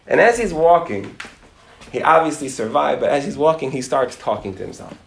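A man's voice: fairly high pitch, lively intonation, a little fast, vocal fry, echoey room. A middle-aged man, a rabbi, telling a dramatic story and acting out its characters, dropping Yiddish and Hebrew words. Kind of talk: animated storytelling talk.

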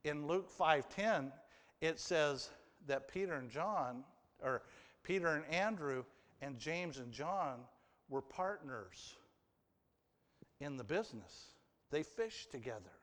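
Chatty male preacher, slightly high voice. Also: animated, slow pace, long pauses, fairly bright tone. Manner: conversational, asks the congregation questions, acts out quotes. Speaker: pastor. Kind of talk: sermon. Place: church hall with an audience. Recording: long hall reverb.

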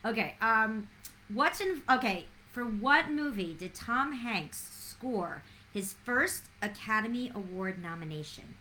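A woman hosting a casual trivia segment, chatty and excitable, calling on listeners by name. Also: on the high side, a little slow, a little hiss or hum. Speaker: trivia host.

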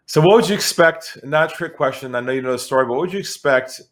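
A middle-aged man from California, a guest on an interview podcast, telling a sales story in a lively, animated way. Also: a little high, quick pace. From San Diego, California. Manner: animated storyteller who acts out quoted voices. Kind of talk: conversational storytelling.

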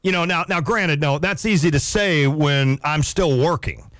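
A man's voice: on the high side, normal speed, no echo, studio quality. A man in his forties hosting a sports radio show, talking casually and laughing often. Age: 40s. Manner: chatty, laughs often, animated.

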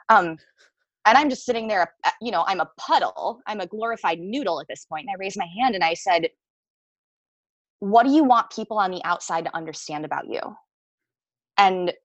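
A woman's voice: mid-range voice, fairly bright tone, no echo, rough recording. Woman, actor, casual interview storytelling, frank and laughing, cursing freely, dry recording. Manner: candid, swears freely, laughs often.

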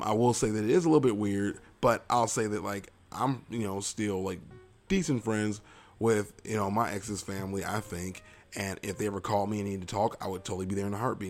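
Rambling man, hip hop beat behind. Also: lowish voice. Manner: loose, rambling, self-mocking. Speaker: podcast host. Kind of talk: casual advice talk and freestyle rap.

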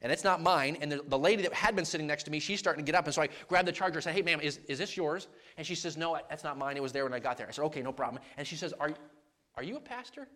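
Fast-talking preacher guy, fairly high voice, acts out all the dialogue. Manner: animated storytelling, acting out dialogue. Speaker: evangelist preacher. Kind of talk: storytelling sermon.

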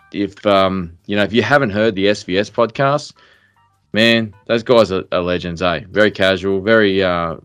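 A man's voice: low voice, a bit bright, clear, resonant tone, no echo. A middle-aged man co-hosting a podcast, talking bluntly in casual chat with lots of fillers and restarts. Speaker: podcast co-host.

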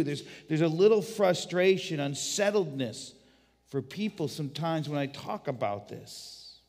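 A male pastor with a fairly high voice delivers an animated, storytelling sermon, often restarting his phrases. His words echo with a long reverb in a church sanctuary. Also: measured pace. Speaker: guest pastor.

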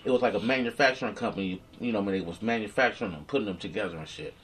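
A man telling his story to an interviewer in a rambling, profane, rapid-fire way, with a slight slur from a dental retainer. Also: lowish voice, fairly bright tone, a little hiss or hum. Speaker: interview guest. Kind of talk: casual storytelling chat. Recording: distant from the mic.

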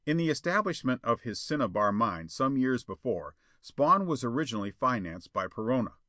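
Expressive male audiobook narrator. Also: mid-range voice, moderate pace, no echo, studio quality. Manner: expressive, lively storytelling. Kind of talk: audiobook reading of a pulp adventure tale.

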